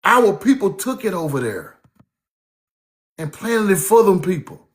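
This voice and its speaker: High-voiced man telling stories with animated emphasis. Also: measured pace. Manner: animated, profane, repeats himself for emphasis. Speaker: speaker recounting his grandmother's teachings. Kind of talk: casual storytelling monologue.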